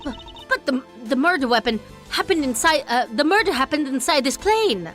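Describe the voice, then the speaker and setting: A woman voicing a haughty, sharp-tongued young female prosecutor who speaks in indignant, snappy bursts. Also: sits high, sing-song, normal speed, faint music behind, voice pushed up. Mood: flustered.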